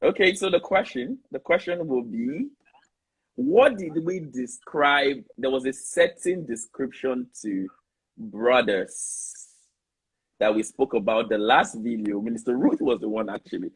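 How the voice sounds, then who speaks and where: A man with a Nigerian accent hosting a casual live online discussion, playful and quick to laugh. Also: mid-range voice, animated, husky, rough recording. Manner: playful, laughs often, jokes in pidgin. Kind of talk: casual live-stream talk.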